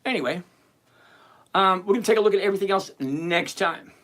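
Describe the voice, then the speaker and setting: Animated man hosting a trading livestream. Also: sits high, fairly quick. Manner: animated, teasing, emphatic with repetition. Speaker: livestream host answering chat questions. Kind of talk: casual livestream chat.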